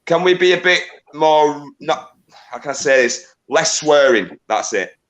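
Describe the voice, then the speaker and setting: A man hosting a live stream, repeating himself as he tries to calm a fight. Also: a little high, unhurried. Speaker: stream host. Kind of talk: moderating a heated live stream.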